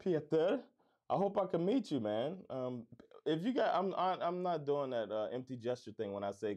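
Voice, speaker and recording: Middle-aged american man, faint florida accent, casual livestream chat, warm dark tone, relaxed and cheerful. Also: on the low side. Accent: neutral American, hint of Florida. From Florida, USA. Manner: upbeat, laid-back, says "man" a lot, laughs easily. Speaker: livestream host, comedy club owner. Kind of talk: casual livestream chat reading viewer comments.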